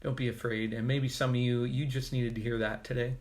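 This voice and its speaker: A man preaches a short daily devotional in an easygoing, conversational way. He talks like he's chatting with friends and drops in light jokes along the way. His voice sits at an ordinary middle pitch. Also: flat delivery, brisk, a little mellow. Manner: casual, conversational, joking asides. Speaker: pastor. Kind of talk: devotional sermon.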